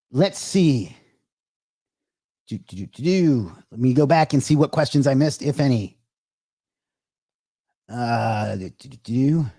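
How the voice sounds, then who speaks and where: Male livestream host, fairly high voice, upbeat, reads chat and thanks viewers, dry close sound, slightly winded. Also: darkish tone, no room sound. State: out of breath. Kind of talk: livestream Q&A, reading chat aloud.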